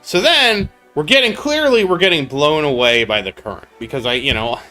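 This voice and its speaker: A man streaming a game and telling a long rambling story, stopping now and then to answer his chat. His voice is bright and sits a little high for a man. Soft music plays behind him. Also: expressive, moderate pace. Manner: rambling storytelling, chatting with viewers mid-story. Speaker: gaming streamer. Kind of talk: casual live-stream chat.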